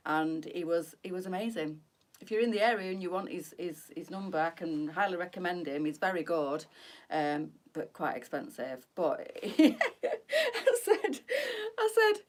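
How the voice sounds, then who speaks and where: A middle-aged woman, chatting casually and bubbling with laughter as she hosts a live stream. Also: lowish voice. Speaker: boutique live-stream host.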